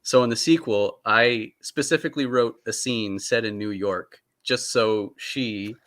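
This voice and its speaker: A man with a bright, forward voice talks keenly about his books. He chuckles often and stumbles over his first words as ideas pile up. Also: lowish voice, unhurried. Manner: enthusiastic, chuckling, repeats words as he starts. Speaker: author guest. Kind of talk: casual video call interview.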